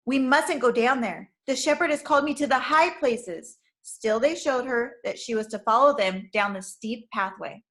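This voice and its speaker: A woman, a teacher, reading a chapter book aloud in a clear, careful manner. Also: on the high side, a bit bright, rough recording.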